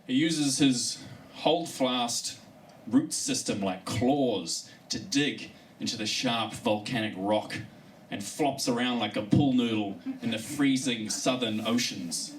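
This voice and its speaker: A man's voice: medium pitch, slow. A male comedian telling a story in a live stand-up comedy set. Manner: storytelling, animated delivery. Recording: distant mic with live room noise.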